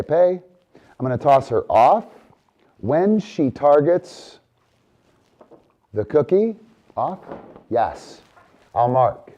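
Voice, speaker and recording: A man with a mid-range voice explains dog training in a loose, casual way, breaking off to give his dogs quick cues and checking in with "right?" The recording sounds dull and lo-fi. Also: medium pitch. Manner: relaxed, keeps checking in with "right?".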